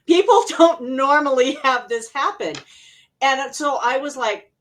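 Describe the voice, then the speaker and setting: A middle-aged woman from Arizona, an interview guest and healer, telling personal stories in a casual, animated way with frequent laughter. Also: high voice, unhurried. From Arizona, USA.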